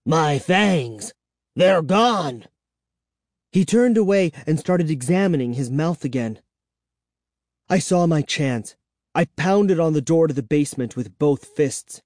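An audiobook narrator with a medium-pitched voice reads a first-person children's story in a measured, even storytelling tone. The recording is dry and clean, with studio sound.

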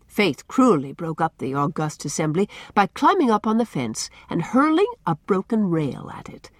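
Woman narrator, storybook reading, low voice, lively melody, dry close sound. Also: normal speed, no room sound. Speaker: audiobook narrator. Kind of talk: scripted narration.

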